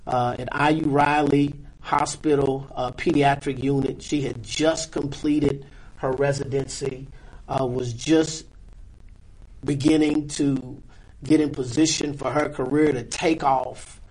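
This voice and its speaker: Husky-voiced pastor, halting speech. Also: male voice, medium pitch, fairly even intonation, a little mellow, rough recording. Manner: measured, halting speech with many "uh" fillers. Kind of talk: interview guest, earnest testimony.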